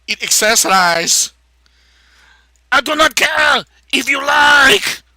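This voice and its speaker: A man putting on a loud, haughty, thick-accented mock voice. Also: high voice, fairly even intonation, measured pace, smooth, dry recording, voice pushed up, heavily acted.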